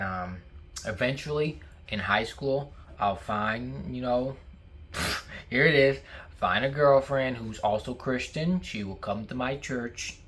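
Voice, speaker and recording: A man's voice: mid-range voice, a bit bright. A young man vlogging casually to camera, talking while he eats, rambling with many fillers and restarts.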